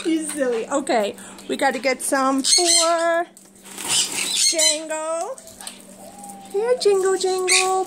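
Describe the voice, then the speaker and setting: A woman coos at her pet birds in a very high, swooping baby-talk voice. She talks slowly and softly, like someone doting on pets at home. Loud squawks from birds nearby fill the background. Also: animated, heavy background noise. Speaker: pet bird owner. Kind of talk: casual pet-talk vlog. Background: loud bird squawks.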